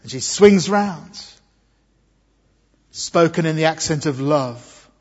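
A man from England delivers an Easter sermon in a church, earnest and emphatic, dwelling slowly on key words. His voice is breathy and a little high for a man. The sound is dull and washed in the long reverb of a large hall. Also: expressive, darkish tone. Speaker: preacher.

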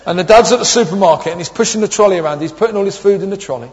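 A man's voice: high-pitched, expressive, rapid-fire, a little mellow. A man in his thirties preaching a sermon, telling humorous stories and acting out the quotes. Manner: humorous storytelling with acted quotes. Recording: dull echoey hall.

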